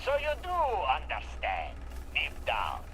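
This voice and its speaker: An actor playing a volatile, menacing slaver warlord in a video game, with a vaguely European accent, ranting with profanity. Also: male voice, mid-range voice, huge pitch swings, crowd noise, rough recording. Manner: swings between snarling threats and slow lecturing.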